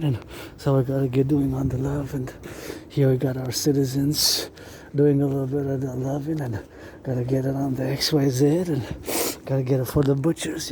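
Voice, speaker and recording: A man's voice: medium pitch, a little mellow, a little hiss or hum. A man delivering a rambling, repetitive monologue and breaking into chanted marching cadences. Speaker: vlogger.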